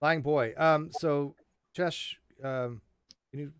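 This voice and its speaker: A man's voice: on the high side, steady tone, slow, smooth, no room sound. A man hosting a casual livestream chat, joking and teasing his guests. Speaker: livestream host.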